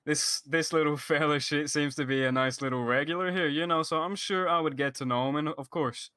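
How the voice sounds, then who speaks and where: A man's voice: a little high, fairly even intonation, a little fast, sharp tone, smooth, no echo. A man playing a crude, laid-back police applicant in a game role-play, cocky and rambling.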